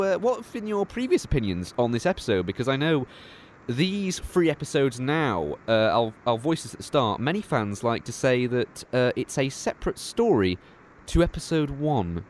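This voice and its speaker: A man's voice: mid-range voice, sing-song, normal speed, slight background noise. A young man hosting a casual review podcast, chatty with many fillers. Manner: chatty, hesitant fillers, laughs often. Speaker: podcast host.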